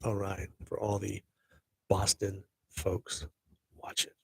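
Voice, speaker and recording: A man's voice: low-pitched, monotone, slow, gravelly, darkish tone, breathy edge, dry recording. A middle-aged man hosting a casual live podcast stream, rambling upbeat to his viewers. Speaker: podcast host.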